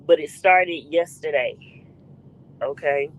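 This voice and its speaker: A woman's voice: deep voice, slow pace, dull audio. A woman hosting a casual live stream, greeting viewers in the chat by name in a playful way.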